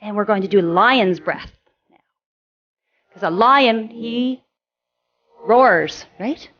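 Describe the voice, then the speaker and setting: A woman instructor gently guiding children through a yoga class with encouraging, sing-song cues. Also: medium pitch, slow pace, dull audio.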